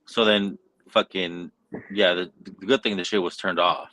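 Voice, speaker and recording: Host type: low-voiced man, loose rambling delivery, swears in nearly every line, casual backyard chat. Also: steady tone, normal speed, pushed and bright, slight background noise, poor audio. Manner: profane, rambling storyteller. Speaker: podcast host.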